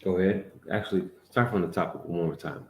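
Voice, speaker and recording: The class's lead teacher preaches briskly and fiercely in a very deep voice, his words echoing around the room. It's a street-preaching sermon where he drives points home, calls out prompts, and keeps adding "man" to his lines.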